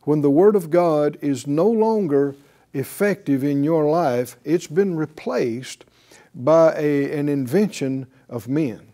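Mellow-voiced man teaching the Bible. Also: on the high side. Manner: emphatic, with deliberate slow stresses.

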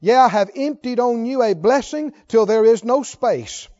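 A man preaching a sermon as pastor, reading scripture and rising to shouted exhortations to the congregation. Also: extremely high pitch, animated, normal speed. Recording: dull lo-fi sermon recording.

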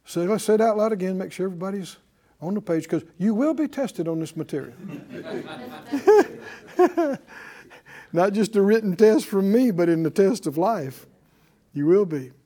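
A man's voice: high voice, lively intonation, measured pace, long pauses, mellow. A man preaching a sermon, reading scripture aloud with rising emphasis and leading his congregation in call-and-response.

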